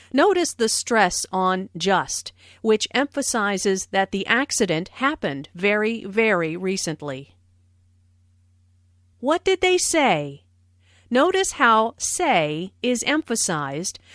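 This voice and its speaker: A woman narrating an English lesson in a scripted style, explaining phrases carefully and deliberately. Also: mid-range voice, dry recording, studio quality.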